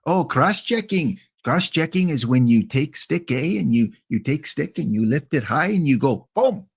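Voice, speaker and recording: A man putting on an exaggerated fake Canadian accent as a jokey hockey fan, tagging his lines with drawn-out "eh". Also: on the high side, lively intonation, vocal fry, breathy edge, full character voice.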